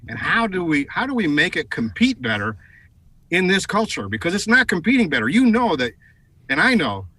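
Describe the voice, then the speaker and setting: A middle-aged man tells a story as a TV interview guest. His voice is bright and forceful. He talks in an animated way and leans on fillers and restarts. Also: sits high, a little fast, breathy edge, no room sound, rough recording. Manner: animated, many fillers and repeated words. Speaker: guest, advertising executive.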